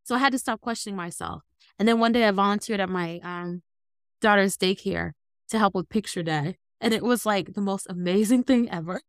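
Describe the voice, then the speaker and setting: A woman in her thirties, a guest on an interview, telling her story in an animated, earnest way. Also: medium pitch, fairly quick, clear, resonant tone, no room sound, clean studio sound. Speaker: guest, entrepreneur.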